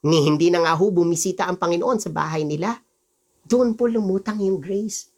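A woman's voice: lowish voice, a little mellow. Emphatic Filipino woman preaching a sermon. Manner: emphatic, slows down to stress scripture quotes; mixes English with Tagalog. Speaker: pastor.

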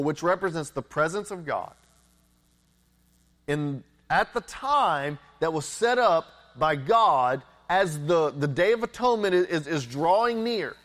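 A man's voice: high-pitched, fairly bright tone. A man preaching a sermon as a pastor, earnest, repeating words and asking rhetorical questions.

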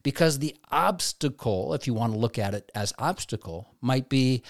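A man's voice: mid-range voice, expressive, normal speed, creaky, few pauses, no echo, clean studio sound. A man giving a conversational devotional talk, now and then acting out quoted inner voices. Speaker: preacher.

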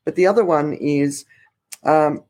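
A man's voice: fairly high pitch, measured pace, a little mellow. A man co-hosting a podcast, giving a casual roundup of news with lots of fillers and restarts. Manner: rambling, many restarts and fillers. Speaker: podcast co-host.

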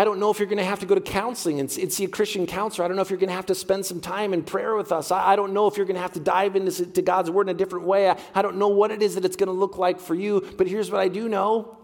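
Earnest pastor preaching in a reverberant hall. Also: male voice, high voice, steady tone, racing, few pauses. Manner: earnest, heartfelt preaching with repeated phrases. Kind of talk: sermon. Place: church sanctuary.

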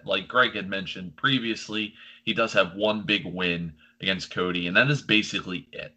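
Animated bright-voiced man ranting. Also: low-pitched, low-quality recording. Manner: animated, opinionated ranting with filler words. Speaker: podcast co-host. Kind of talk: casual chat.

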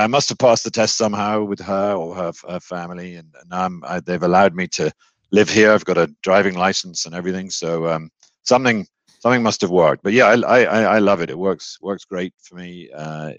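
A British man speaks in a very deep voice as an interview guest, modest and a little halting. His audio sounds dry and slightly dull, as if it came through a muffled mic. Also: fairly even intonation, no echo. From United Kingdom. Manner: self-deprecating, chuckling, halting. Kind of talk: casual interview chat.

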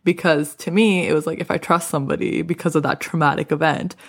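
A woman's voice: low-pitched, fast, creaky. A young woman podcast host in casual reflective talk, speaking candidly and filling her sentences with "like" as she tells stories. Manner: candid, animated storytelling with frequent "like" fillers.

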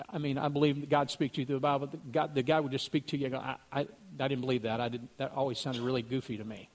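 A man earnestly telling a religious testimony story, acting out what other people said. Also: mid-range voice.

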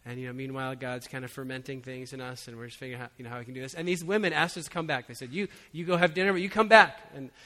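A man preaching as a pastor, telling a personal story in a relaxed, conversational way with frequent chuckles. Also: medium pitch, rapid-fire, hardly any pauses. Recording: long hall reverb.

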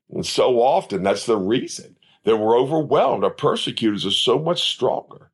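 A man with a mid-range, slightly rough voice leads a Bible study on his podcast, speaking at normal speed with few pauses and big pitch swings. His earnest preaching climbs to emphatic peaks as he quotes scripture in archaic wording.

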